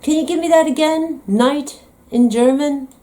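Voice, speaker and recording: A woman's voice: sits high, unhurried, mellow. An American woman talking in a comedic vlog monologue, playful, teasing and dramatic. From United States. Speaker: vlogger.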